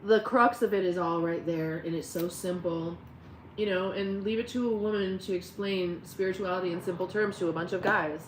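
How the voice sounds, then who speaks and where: A woman's voice: lowish voice, fairly even intonation, normal speed, roomy sound, background noise. A woman hosting a casual live stream, rambling and talking to her dogs and her chat. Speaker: livestream host.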